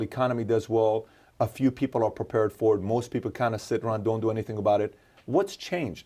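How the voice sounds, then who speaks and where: A man's voice: mid-range voice, darkish tone. A man hosting an interview, asking curious questions and often stumbling over his words. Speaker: interview host.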